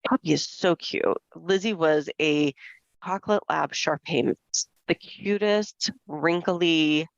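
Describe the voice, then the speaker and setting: Woman in her forties, podcast co-host, animated storyteller, muffled lo-fi sound. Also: deep voice, slow, vocal fry, no room sound. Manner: lively storyteller who acts out quoted voices. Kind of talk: casual chat. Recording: dull, dry lo-fi podcast audio.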